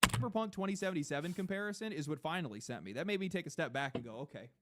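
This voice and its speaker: A man giving scripted commentary in a measured, deliberate delivery, played as a clip. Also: fairly high pitch, animated, heavy background noise.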